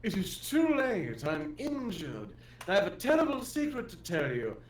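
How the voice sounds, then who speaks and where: A woman's voice: medium pitch, very animated, normal speed, echoey room, slight background noise, natural voice. A woman voicing an injured, regretful alien father with a put-on British accent in a fan-fiction reading. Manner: weak, regretful.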